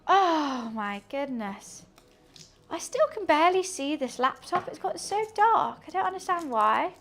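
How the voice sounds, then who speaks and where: A high-pitched woman chats at an unhurried pace while cooking on a live stream. She rambles to viewers and a pet, with faint chopping and clicks in the background. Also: sing-song, a bit bright, a little hiss or hum. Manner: rambling, chatty, talks to viewers and her kitten while cooking. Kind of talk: casual cooking stream chat. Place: home kitchen.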